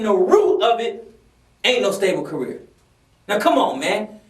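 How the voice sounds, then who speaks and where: A fired-up man with a high voice, preaching to his audience in an emphatic rant. He keeps repeating his points for weight. He sounds distant from the mic, in a roomy space. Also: fairly bright tone. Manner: impassioned, preachy, emphatic with repetition. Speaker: music business mentor. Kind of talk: motivational rant to camera.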